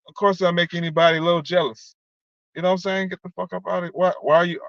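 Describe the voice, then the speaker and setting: In a dull, lo-fi, dry recording, a man with a slightly high, a bit bright voice vlogs a heated, rambling monologue aimed at someone who wronged him. His intonation is fairly even and his pace fairly quick with frequent pauses, and he curses while repeating "you know what I'm saying."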